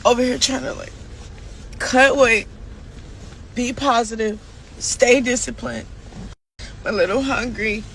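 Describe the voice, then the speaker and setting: A tearful woman speaks slowly to her own camera, her high, bright voice breaking as she talks herself through a hard day. She sounds halting and emotional, with faint street noise behind her. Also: steady tone. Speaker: boxer filming herself. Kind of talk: personal video diary.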